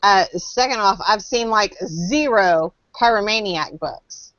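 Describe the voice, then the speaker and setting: A blunt, profane woman hosts a podcast and laughs often as she chats. Her pitch moves around a lot. The sound is dry and dull, with a lo-fi feel. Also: expressive, slow, fairly bright tone, no room sound. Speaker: podcast host. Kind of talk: casual interview chat.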